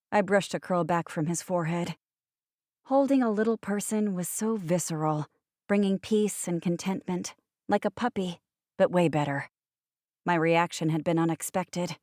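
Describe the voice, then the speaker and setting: A woman's voice: on the low side, a little slow, darkish tone, no room sound. A woman narrating a first-person audiobook with wry, sardonic asides, recorded on a close studio mic.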